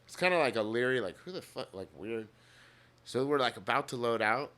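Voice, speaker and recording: A man's voice: mid-range voice, fairly quick. A man telling a long road story on a podcast, casual, full of swearing, acting out what people said. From United States. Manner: animated, swears a lot, acts out quotes. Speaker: podcast guest, drummer.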